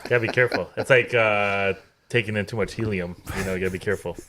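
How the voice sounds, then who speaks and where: A man co-hosting a casual chat, speaking in a low-key, deadpan way. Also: fast talker, a little hiss or hum. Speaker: co-host. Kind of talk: casual banter.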